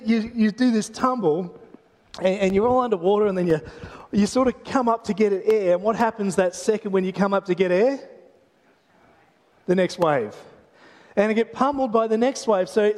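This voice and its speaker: An Australian pastor with a notably high voice delivers a chatty, joking sermon full of restarts and asides. His voice rings with a long reverb from a church hall. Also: normal speed, a little mellow. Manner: chatty storytelling with humor and frequent restarts.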